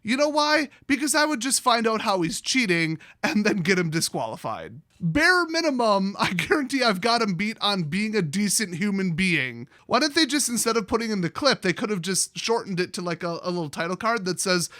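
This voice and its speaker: High bright-voiced sarcastic American man. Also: normal speed, hardly any pauses, no echo, clean studio sound. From United States. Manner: sarcastic, mocking, animated rant. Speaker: commentary host. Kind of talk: ranting commentary.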